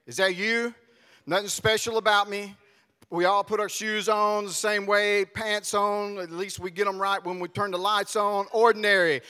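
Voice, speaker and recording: A man preaches in a big church, his voice high and bright. He talks loosely and directly to the people in the pews. The sound carries a long hall reverb. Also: smooth. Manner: animated, conversational, addresses congregation directly. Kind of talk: sermon. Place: church sanctuary.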